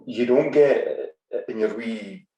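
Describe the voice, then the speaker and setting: A man's voice: mid-range voice, slow pace, warm tone. Scottish man in his fifties, roomy sound. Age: 50s. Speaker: podcast guest. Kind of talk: casual video-call interview. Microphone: video call from a spare room.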